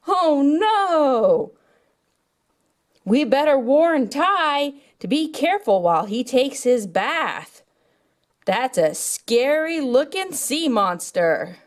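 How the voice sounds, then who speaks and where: Slow, singsong woman narrating toy play. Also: sits high. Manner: animated, storytelling.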